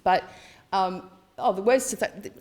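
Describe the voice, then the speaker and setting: A woman with a medium-pitched, slightly mellow voice speaks at a normal pace. She's giving a candid, chatty talk at a conference, telling personal stories and acting out the dialogue in them.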